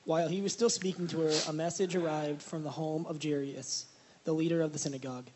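A man reading a scripture passage aloud in a steady, plain manner, now and then restarting a phrase. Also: fairly high pitch, fast, background noise.

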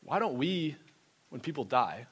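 A man's voice: medium pitch, very animated, a little slow, husky, muffled recording. A man preaching a conversational sermon, stressing points with repeated questions and short reading passages. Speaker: pastor.

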